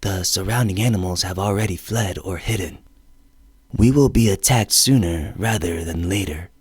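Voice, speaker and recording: Brief: man reading a grave woman scout, low husky voice, very dry sound, measured warnings, audiobook. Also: no echo. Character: calm tribal woman scout, grave and wary.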